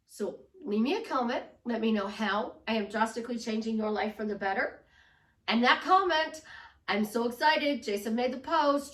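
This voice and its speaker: A woman's voice: fairly high pitch, fairly bright tone, roomy sound, recorded from a distance. A woman life coach giving an upbeat, emphatic motivational talk. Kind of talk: motivational vlog monologue.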